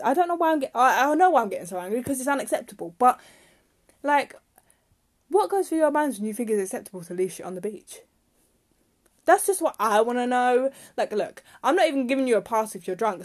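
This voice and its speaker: A woman's voice: fairly high pitch, big pitch swings, brisk. A young woman hosting a casual solo podcast, rambling and chatty and turning heated when she rants. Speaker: podcast host.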